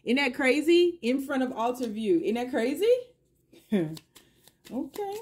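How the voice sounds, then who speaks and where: A middle-aged woman reads tarot cards for a collective audience, taking her time. Her voice is high but dark and mellow, and she drifts back to the same question for the universe between cards. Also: very animated, measured pace. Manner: musing, repeats questions to the universe. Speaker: tarot reader.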